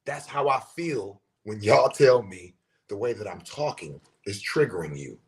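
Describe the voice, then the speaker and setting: A man's voice: on the low side, expressive, a little slow. A man hosting a podcast, delivering a profane, emphatic monologue and talking with his hands. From United States. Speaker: podcast host. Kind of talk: casual monologue rant.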